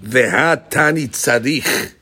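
A man's voice: medium pitch, takes it slowly, sharp tone, breathy edge. A man teaching a daily Gemara class, asking rhetorical questions and mixing in Hebrew and Aramaic terms. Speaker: Talmud teacher.

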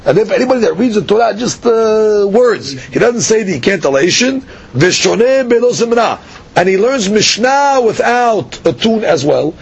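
A man's voice: big pitch swings, moderate pace, gravelly, husky. A man teaching a daily Talmud class in a Sephardic Hebrew style, explaining Aramaic phrases line by line with frequent fillers and repeats. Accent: Sephardic Hebrew pronunciation. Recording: dull lo-fi podcast audio with faint rumble.

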